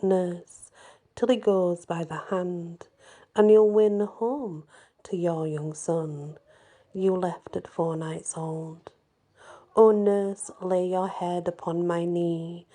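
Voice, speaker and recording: A woman reading old fairy ballads and folklore aloud as a storyteller, gentle and unhurried, sometimes dropping into a soft whisper. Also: fairly low pitch.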